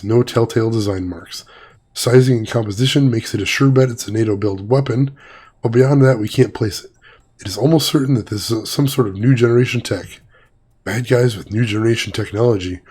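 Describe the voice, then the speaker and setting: A man's voice: mid-range voice, a little mellow, husky. A man with a slightly weak voice hosting a let's-play, chatting, joking and reading game text aloud. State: voice a little weak. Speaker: gaming video host. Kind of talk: casual let's-play commentary.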